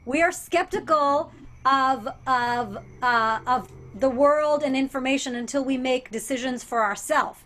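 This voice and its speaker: A woman comedian from Alabama on a panel, animated and thoughtful, with mocking asides. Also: high-pitched, a little slow, a little hiss or hum. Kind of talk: casual panel chat.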